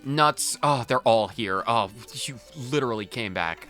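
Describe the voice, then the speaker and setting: A man's voice: mid-range voice, normal speed, few pauses, fairly bright tone, soft background music. A man ranting in exasperation as he role-plays his character while playing a game. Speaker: let's play streamer. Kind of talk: in-character role-play commentary.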